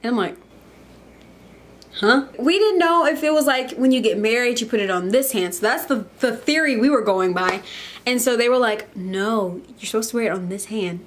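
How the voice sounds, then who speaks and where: A woman's voice: a little high, normal speed, slight background noise. A young woman, chatting to camera in a casual, bubbly and emotional way. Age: young adult. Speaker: vlogger.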